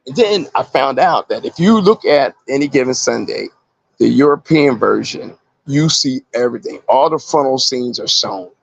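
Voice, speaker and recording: A man and actor, a guest in an interview, telling animated stories and acting out the voices of people he quotes. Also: mid-range voice, normal speed, vocal fry, breathy edge, lo-fi sound. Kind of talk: casual interview storytelling.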